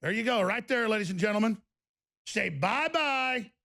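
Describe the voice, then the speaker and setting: A man's voice: high-pitched, racing, a bit bright, a little hiss or hum. A middle-aged man hosting a talk radio show, ranting with energy and tripping over his own restarts in the studio. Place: broadcast studio.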